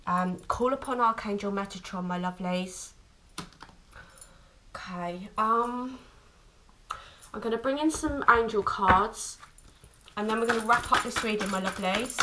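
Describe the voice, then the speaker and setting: A woman giving an intuitive tarot reading to camera, speaking tenderly and haltingly, with frequent restarts. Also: fairly high pitch, background noise. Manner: tender, calls listener "my lovely"; halting, many restarts and fillers. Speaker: tarot reader.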